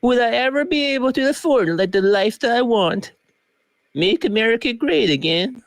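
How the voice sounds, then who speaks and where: A man putting on a mocking Southern redneck voice, loud and twangy, worrying aloud about bills. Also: extremely high pitch, lively intonation, moderate pace, no echo, voice pushed up. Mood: mock worried.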